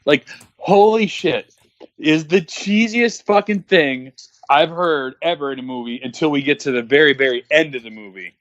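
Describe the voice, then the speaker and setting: A man's voice: fairly high pitch, normal speed, fairly bright tone, no echo. A man co-hosting a casual movie-watching commentary show, talking bluntly and profanely with a lot of fillers. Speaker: podcast co-host. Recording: dull, muffled recording.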